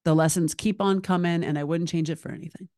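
A woman in her thirties hosts her own podcast, talking straight into a close microphone in a dry, unechoing room. She is animated and emotional, chatty and candid, tossing in "like" as she goes. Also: on the low side, fast, no room sound. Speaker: podcast host. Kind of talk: solo podcast monologue.

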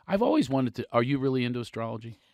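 Lively, jokey male podcast host. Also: medium pitch, very fast, vocal fry, no echo, studio quality. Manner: animated, jokey, self-deprecating. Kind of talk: casual interview chat. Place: podcast studio. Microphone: studio microphone.

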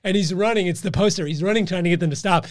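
A man's voice: sits high, rapid-fire, dry recording, clean studio sound. A man co-hosting a podcast, rambling through stories in casual, profane chat with many fillers and restarts. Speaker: podcast co-host.

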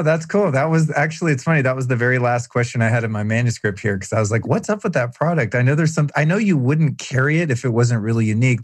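A man's voice: medium pitch, no echo. A man hosting a podcast interview, curious and upbeat, asking long, rambling questions. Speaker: podcast host. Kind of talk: casual interview talk.

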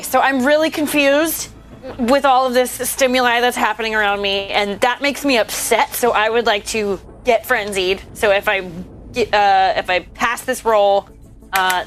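Excitable woman playing a tabletop game. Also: a little high. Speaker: player.

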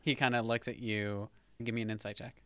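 A man running a tabletop game as game master, relaxed and laughing often as he narrates. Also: fairly low pitch, brisk, no room sound.

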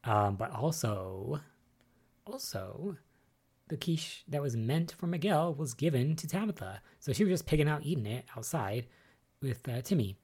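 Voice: mid-range voice, normal speed, slightly rough. A podcast host recapping soap episodes in a casual solo chat, rambling and musing aloud with lots of fillers. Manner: excitable and spoiler-wary.

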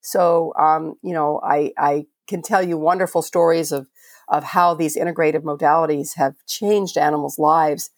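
A woman's voice: low voice, fairly even intonation, moderate pace, no echo, studio quality. An older woman from Florida, a veterinarian guest on a podcast, telling stories in a passionate, conversational way with frequent restarts. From Florida, USA. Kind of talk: podcast interview storytelling.

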